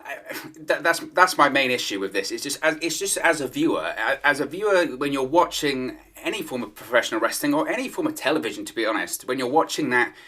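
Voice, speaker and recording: A man's voice: medium pitch, lively intonation, fairly quick, bright, forceful tone. A man giving solo opinion commentary on wrestling news, in a conversational manner and repeating his points for emphasis.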